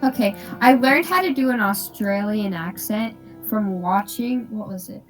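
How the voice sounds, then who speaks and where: A woman's voice: mid-range voice, unhurried, soft background music, poor audio. A young woman co-hosting a casual podcast, rambling and giggly. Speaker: podcast co-host. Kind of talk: casual chat.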